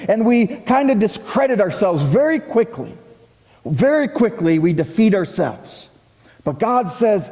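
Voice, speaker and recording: Preaching from the pulpit, a pastor gives a lively, dramatic sermon, acting out the doubts and replies of the people he quotes. His voice is high for a man and his pace is measured. A long reverb fills the sound, like a church hall.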